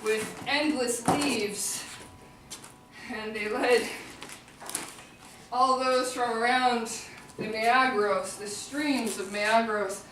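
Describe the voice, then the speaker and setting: A woman's voice: a little high, fairly even intonation, drawn-out words, long pauses, recorded from a distance, noisy background. A woman with a Chicago accent performs an ancient epic as live storytelling, breaking off for casual, laughing asides. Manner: casual asides and laughter between recited lines. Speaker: performer-translator. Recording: echoey hall recorded from afar.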